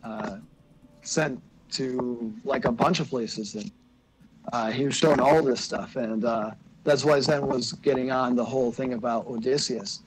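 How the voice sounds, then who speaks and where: A man's voice: mid-range voice, steady tone, measured pace, poor audio. Man, livestream co-host, rambling, hesitant, faint noise behind. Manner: rambling, hesitant, many fillers and restarts. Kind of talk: casual religious livestream talk.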